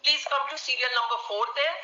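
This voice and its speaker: Woman advocate, crisp bright voice, addressing the bench, echoey muffled courtroom. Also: sits high, fast. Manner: formal, addresses the bench repeatedly. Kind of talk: courtroom argument. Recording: dull roomy courtroom audio.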